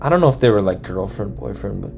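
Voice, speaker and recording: A man's voice: fairly low pitch, expressive, fast talker, gravelly, a little mellow, slight background noise. Young man telling crime stories, slangy and crude. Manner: slangy, profane, acts out quotes. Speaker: storyteller host. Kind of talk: casual true crime retelling.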